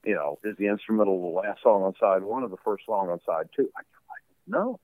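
A man's voice: fairly low pitch, animated, fairly quick, no echo, phone-quality sound. A man talking casually as a musician guest in an interview, rambling with lots of fillers and laughs. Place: home basement studio.

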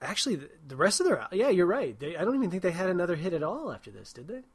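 A man's voice: high-pitched, very animated, racing, a little hiss or hum. A man co-hosting a casual music chat, sardonic and mocking, swearing freely. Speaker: podcast co-host.

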